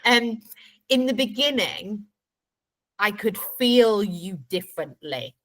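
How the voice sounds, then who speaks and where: A British woman in relaxed conversation, chatty and anecdotal. She tells stories readily and laughs often, with a voice of middling pitch. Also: takes it slowly, low-quality recording. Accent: British English. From Britain. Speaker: guest, life coach. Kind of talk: casual conversation.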